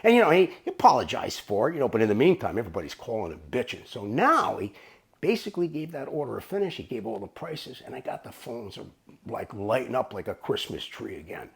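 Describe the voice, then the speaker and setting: Male storyteller, raspy and gravelly, swinging pitch, profane and rambling. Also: sing-song, fast talker. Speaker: storyteller recounting his bookmaking days. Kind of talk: casual storytelling to camera.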